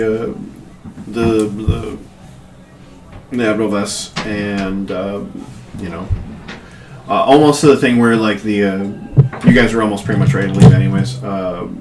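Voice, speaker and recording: A man's voice: fairly low pitch, fairly even intonation, measured pace, long pauses, music in the background. A man narrating as game master in a casual, rambling way full of fillers, in an echoey room.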